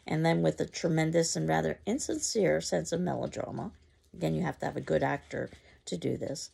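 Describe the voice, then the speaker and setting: A woman's voice: sits low, lively intonation, fairly quick, gravelly, warm tone, slightly rough. A woman explaining a play to a class and reading its stage directions aloud, with frequent fillers.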